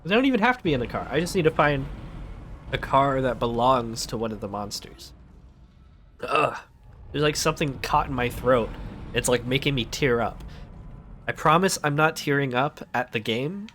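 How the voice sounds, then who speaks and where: A man's voice: medium pitch, expressive, moderate pace, long pauses, fairly bright tone, a little hiss or hum. A man streaming a horror game, joking sarcastically and talking back to the game. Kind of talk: gaming commentary.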